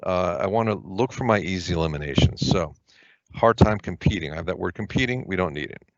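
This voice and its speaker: A man's voice: low voice, fast talker, no echo. A man teaching an online test-prep lesson, explaining grammar casually and often checking in with the listener. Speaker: SAT prep tutor. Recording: dull lo-fi webinar audio.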